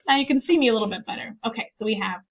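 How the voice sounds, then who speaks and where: Speaking very fast and on the high side, this teacher trainer walks through a cheerful video lesson one step at a time. As she goes, she plays out her students' dialogues herself. The sound is narrow and phone-like.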